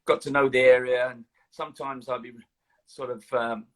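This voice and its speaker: An older man with a London accent, a guest in a casual interview, telling his life story in a lively way with many fillers. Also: medium pitch, normal speed. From London, England. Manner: animated storytelling, hesitant fillers.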